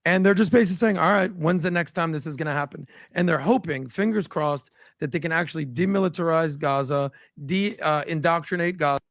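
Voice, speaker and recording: Halting male panel guest, dry sound. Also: a little high, no echo. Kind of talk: political panel chat.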